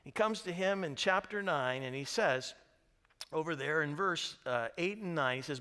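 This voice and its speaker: A man pastor preaching a sermon, telling the story lively and asking the congregation questions. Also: on the high side, moderate pace, clear, resonant tone. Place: church sanctuary.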